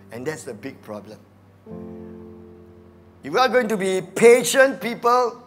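A man with a Malaysian English accent preaching a sermon as pastor, animated, dropping to muttered asides and acting out quoted voices. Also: sits high. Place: church.

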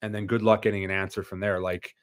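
A man's voice: lowish voice, little pitch movement, fast, clear, resonant tone, no echo, clean studio sound. A man as a podcast guest, telling stories in casual chat with frequent restarts and fillers. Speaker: podcast guest, former hockey player.

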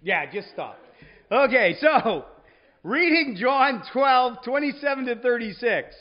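A man's voice: extremely high pitch, lively intonation, takes it slowly, highs cut off. A man teaching a Sunday school class on scripture, conversational, often checking in with the room.

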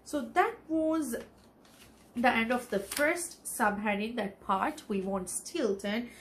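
A woman teacher from the Maldives reading a storybook aloud for a children's TV lesson, pausing to explain the text. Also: on the high side, slight background noise. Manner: expressive, explains as she reads.

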